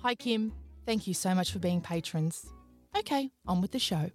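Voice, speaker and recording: A woman's voice: lowish voice, animated, moderate pace. Aussie woman hosting a podcast, chatty and playful, goes off on little tangents, faint music under her. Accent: Australian. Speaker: podcast host. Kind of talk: casual chat, thanking patrons.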